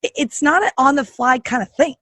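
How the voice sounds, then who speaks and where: A woman's voice: sits high, brisk, a bit bright, dry recording. A middle-aged woman podcast host coaching listeners in a sassy, emphatic monologue, repeating phrases for punch.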